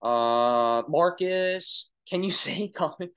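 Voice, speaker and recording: This oral surgery resident, a young Long Island New Yorker, answers questions from viewers on a casual phone or webcam livestream at his apartment. He speaks slowly in a smooth, fairly high voice, yet is excitable and chatty, often restarting and trailing off.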